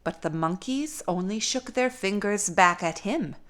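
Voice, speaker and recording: A young woman, a caregiver, reading a storybook aloud in a slow, gentle, expressive way. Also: medium pitch.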